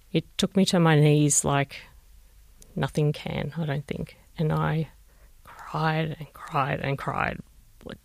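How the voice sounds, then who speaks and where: A woman with an Australian accent, a mother gently recalling a painful family story in an interview and re-enacting what people said. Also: low-pitched, no room sound. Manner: reflective, gentle, re-enacts conversations. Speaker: bereaved mother telling her story. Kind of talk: personal recollection, interview.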